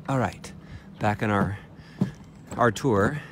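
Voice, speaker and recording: A man chats his way through a lakeside walking tour, playful and unhurried, pausing often with "uh". His voice sits low and he talks slowly. Steady outdoor noise is clearly heard behind him. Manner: playful, chatty, with frequent "uh" pauses. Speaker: vlogger giving a walking tour. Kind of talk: casual walking-tour vlog. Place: outdoors by a lake.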